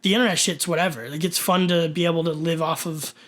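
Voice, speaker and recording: A man's voice: fairly high pitch, fairly even intonation, fast talker, fairly bright tone. A man co-hosting a podcast, rambling casually with lots of swearing and emphatic asides. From Kentucky. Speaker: podcast co-host. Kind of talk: casual chat.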